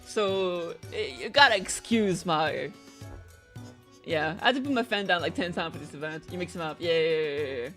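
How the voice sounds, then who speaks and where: A young woman streaming a game, reading lines aloud and reacting with quick laughs and stammered restarts. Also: on the low side, lively intonation, fairly bright tone, soft background music. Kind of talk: casual let's-play commentary, reading lines aloud.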